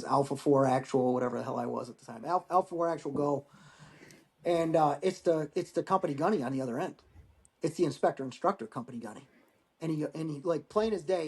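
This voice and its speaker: American male veteran, 40s, slightly high voice, salty casual storyteller who acts out the dialogue. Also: a little mellow. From United States. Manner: blunt, profane, acts out quoted exchanges. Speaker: military veteran guest.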